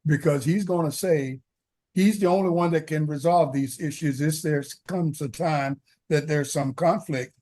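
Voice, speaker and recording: A man co-hosting a talk show, explaining world affairs in a measured, explanatory way, with frequent "uh" fillers. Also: a little high, dark tone. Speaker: co-host commentator. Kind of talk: casual political discussion.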